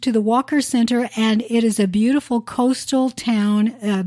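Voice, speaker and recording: Lively woman co-hosting, dry sound. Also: a little high, normal speed, dry recording. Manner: lively, enthusiastic, chimes in. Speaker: podcast co-host. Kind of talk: casual chat.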